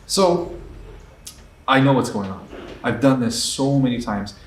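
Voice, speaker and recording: A man's voice: mid-range voice, lively intonation, unhurried, slight background noise. A man, an indie filmmaker, giving candid advice in a blunt, profane, emphatic storytelling manner. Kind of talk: candid advice rant to camera. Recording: echoey room, distant mic, faint ambience.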